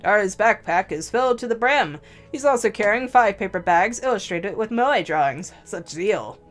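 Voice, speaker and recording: A woman hosting a let's play, reading a visual novel aloud in measured, slow first-person narration. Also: mid-range voice, expressive, soft background music.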